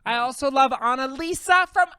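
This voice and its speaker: A woman's voice: sits high, normal speed, bright, forceful tone, smooth, no echo. A woman co-hosting a podcast, talking in a playful, sing-song way in improvised comedy banter. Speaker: podcast co-host in an improv bit.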